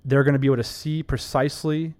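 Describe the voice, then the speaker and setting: A man co-hosting a casual business podcast, talking emphatically and enthusiastically with quick asides. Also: mid-range voice, flat delivery, darkish tone. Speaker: podcast co-host.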